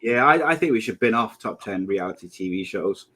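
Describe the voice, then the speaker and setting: A man's voice: on the low side, expressive, a little fast, bright, forceful tone. A man in his thirties co-hosting a casual podcast chat, joking and often laughing at his own gags. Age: 30s. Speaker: podcast co-host.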